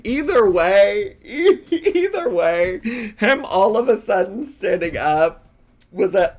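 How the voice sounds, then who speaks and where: Speaking in a high register, a man hosts a reaction video. His commentary is casual and playful, full of giggles and long, drawn-out asides.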